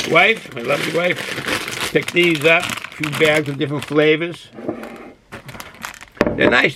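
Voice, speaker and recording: A man's voice: fairly high pitch, vocal fry, noisy background. A man from Boston hosting a casual beer review vlog, who rambles and goes off on tangents while drinking and snacking. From Boston, USA. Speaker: beer review channel host.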